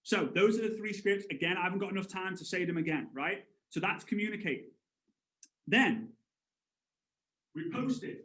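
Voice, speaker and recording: A man in his thirties leads an upbeat sales training. His voice sits high for a man and jumps around as he tells stories. The room leaves a noticeable echo on every word. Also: normal speed, long pauses. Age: 30s. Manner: energetic storyteller, acts out voices with big jumps. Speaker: network marketing trainer. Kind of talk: live motivational sales training.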